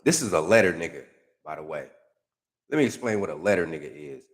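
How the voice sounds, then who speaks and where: A man reading out and mocking comments in casual, profane commentary, with heavy slang and a sarcastic, animated delivery. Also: extremely low pitch, a little fast. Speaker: YouTube commentator.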